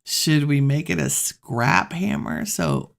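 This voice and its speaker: Unhurried woman streamer with a gravelly edge, thinking aloud through relaxed gameplay commentary. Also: low-pitched. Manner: musing, talks to herself while playing.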